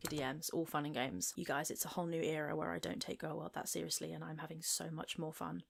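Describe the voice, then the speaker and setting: A gossipy woman with a low voice full of vocal fry, talking loosely to her stream audience. She swears casually and keeps dropping "like" into everything she says. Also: flat delivery, quick pace. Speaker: online commentator. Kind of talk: casual livestream chat.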